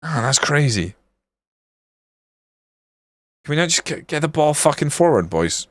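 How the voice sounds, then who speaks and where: A man's voice: a little high, very animated, a little fast, a bit bright, no room sound. Swearing, frustrated game streamer man. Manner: frustrated, grumbling, swears often. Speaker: streamer playing a football management game. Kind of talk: casual live-stream commentary.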